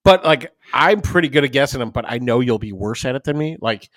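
Male co-host, casual and rambling, medium pitch, dry close sound, recording from his desk. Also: expressive, a little fast, fairly bright tone, no room sound. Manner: rambling, restless, swears casually. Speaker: podcast co-host. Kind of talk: casual chat.

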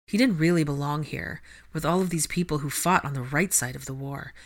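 Woman narrator, fan fiction reading, steady measured delivery, deep low voice. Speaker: audiobook reader.

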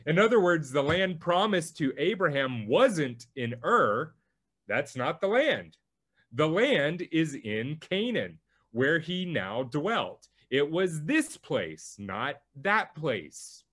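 A male pastor preaching a sermon, teaching through a Bible passage with slow, emphatic delivery. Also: fairly high pitch, sing-song, a bit bright, slightly rough.

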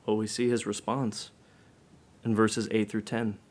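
A man preaching a sermon, asking the listeners direct questions, his delivery swelling loud and then dropping low and soft. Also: little pitch movement, measured pace.

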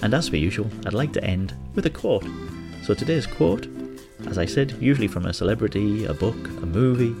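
A man's voice: on the low side, lively intonation, brisk, creaky, music in the background. A man from Hartlepool with a local accent, hosting his own show in a chatty, joking way and telling a local legend. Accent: Hartlepool English. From Hartlepool, England. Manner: jokey, chatty storyteller who laughs at his own jokes. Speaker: host. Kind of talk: casual monologue and storytelling.

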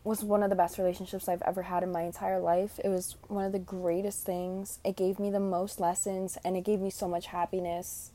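A woman's voice: fairly low pitch, flat delivery, fairly quick, hardly any pauses, dark tone. A young woman of Puerto Rican background hosting a reflective solo podcast, speaking earnestly and from the heart with many fillers. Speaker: podcast host.

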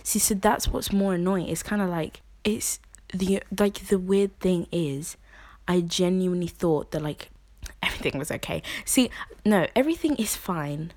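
Rambling young woman, low voice. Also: fairly even intonation, moderate pace, a little mellow, no room sound. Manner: rambling, lots of filler "like", frank and personal. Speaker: podcast host. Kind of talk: casual confessional podcast chat.

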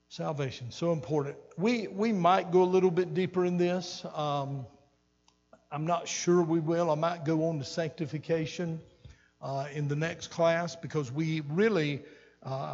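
Older man, earnest repeating sermon, husky, echoey church hall. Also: fairly high pitch, darkish tone, dull audio. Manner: earnest, repeats phrases for emphasis. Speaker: pastor. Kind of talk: sermon teaching. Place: church sanctuary.

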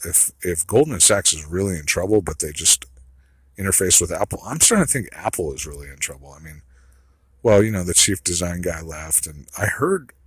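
A man's voice: low-pitched, slightly rough, no echo, rough recording. A man delivering a rambling solo monologue, blunt and profane, trailing off into asides.

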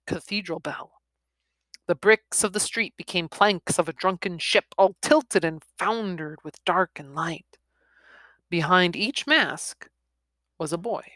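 A woman reading a story aloud in a soft, expressive voice that often drops into a whisper. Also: fairly low pitch, dry recording. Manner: soft, partly whispered delivery.

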